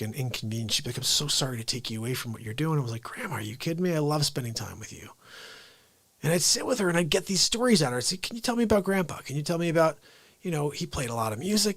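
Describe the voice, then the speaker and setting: A man hosting a live show, telling family stories casually, swinging from loud outbursts to hushed asides. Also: a little high, no echo. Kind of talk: casual live-stream storytelling.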